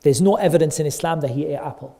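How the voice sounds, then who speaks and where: A man with a high, mellow voice tells a story to a children's class. He speaks in an animated way and says key phrases again and again for emphasis. He often stops to ask the children questions. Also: fast, vocal fry. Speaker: teacher of a kids' class.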